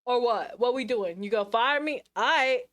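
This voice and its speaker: A woman streamer chatting casually with her live audience, sassy and slangy, full of quick asides and restarts. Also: fairly high pitch, fairly bright tone.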